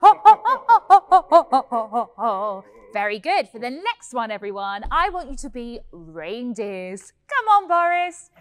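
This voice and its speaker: A bubbly young fairy-tale heroine, played by a woman, leads children through a pantomime vocal warm-up. Her high voice swoops up and down with lively, giggly, sing-song energy. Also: a little slow, clear, resonant tone. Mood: cheerful. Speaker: pantomime performer teaching children. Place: indoor hall.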